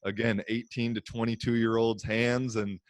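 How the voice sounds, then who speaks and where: An American man hosting a podcast, relaxed and rambling with many fillers in casual chat. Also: mid-range voice, measured pace, no room sound. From United States. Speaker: podcast host.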